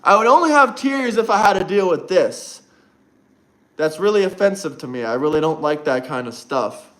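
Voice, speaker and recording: This livestream host's voice is high, animated and fairly bright, at a moderate pace. He chats casually with his viewers, mocking and taunting them as he goes.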